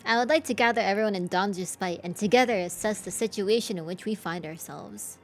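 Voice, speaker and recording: A man's voice: high voice, fairly quick, faint music behind. A woman reading out an earnest young scholar. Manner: plain unaccented reading aloud. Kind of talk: reading game dialogue aloud.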